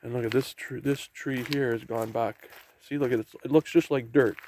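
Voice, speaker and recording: A man's voice: medium pitch, steady tone, normal speed, a little mellow. A man talking casually to his camera as he walks a rainy forest trail down toward the ocean, rambling about what he sees. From Canada. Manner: rambling, talks to camera while hiking. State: walking downhill on a trail. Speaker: vlogger. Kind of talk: casual walking vlog. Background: faint outdoor noise, rain and waves.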